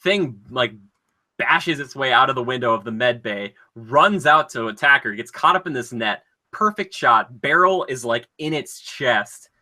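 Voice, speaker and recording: A man co-hosts a casual chat podcast. His voice is very bright and forward. He talks in an animated, rambling flow full of "uh" and "like" as he retells things. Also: medium pitch, measured pace. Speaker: podcast co-host.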